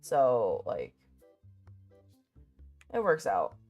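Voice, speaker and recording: Young woman vlogger, low and unhurried, sassy and sweary, rambling and muttering through a list. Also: wildly swooping pitch, darkish tone, soft background music. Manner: muttering to herself while making a list. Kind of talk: casual chat.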